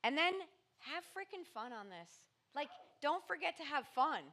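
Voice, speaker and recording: A woman's voice: sits high, expressive, moderate pace, bright, forceful tone. A woman mindset coach and motivational speaker in a podcast interview, talking in an emphatic, punchy motivational way.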